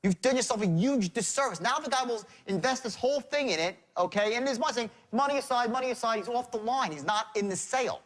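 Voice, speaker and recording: A middle-aged man teaching a sales seminar, animated, acting out calls with shifting tones. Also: very high voice, fast talker, few pauses. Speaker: sales trainer.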